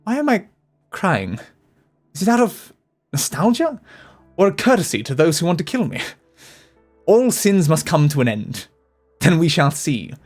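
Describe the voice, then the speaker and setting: A man voicing a cold, scheming young woman leader with a measured, brooding delivery. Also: on the high side, big pitch swings, soft background music.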